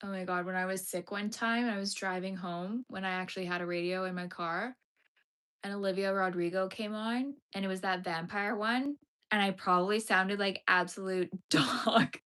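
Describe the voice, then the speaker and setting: A woman's voice: medium pitch, fairly even intonation, moderate pace, a bit bright, smooth. A young woman hosting a casual crochet livestream, chatting with viewers, giggly and full of "like" fillers. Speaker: livestream host.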